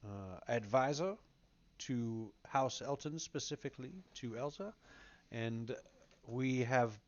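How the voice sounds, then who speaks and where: Picture a slow, silver-tongued southern half-elf bard, a courtly male advisor who charms his way through palaces, as a player puts him on. He drawls at a leisurely crawl, and the lo-fi audio sounds slightly dull. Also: mid-range voice, darkish tone, close to an everyday voice. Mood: suave. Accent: American Southern. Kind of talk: tabletop role-play character introduction.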